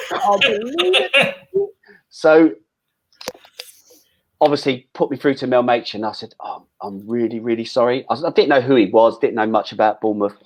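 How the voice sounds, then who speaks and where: A man's voice: medium pitch, fast talker, few pauses, darkish tone. A middle-aged man telling old football stories in an interview, chatty, with lots of restarts and casual swearing. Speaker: former footballer guest.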